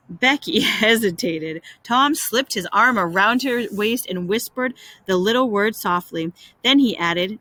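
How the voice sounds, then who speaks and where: A woman reading a classic story aloud with expressive delivery, dropping in wry casual asides. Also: mid-range voice, measured pace, hardly any pauses, no room sound, rough recording. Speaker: reader.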